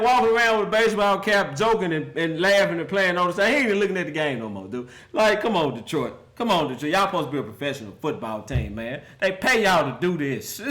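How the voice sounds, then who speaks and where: A man's voice: high-pitched, sharp tone. A man hosting a casual football rant, laughing often and mocking the teams in a loose, slangy way. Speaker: football commentary vlogger.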